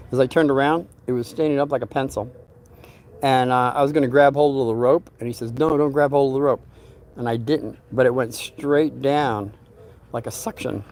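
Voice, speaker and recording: A man's voice: medium pitch, darkish tone. Rambling older man telling a story. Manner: rambling, repeats words while searching for them. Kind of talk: casual personal storytelling.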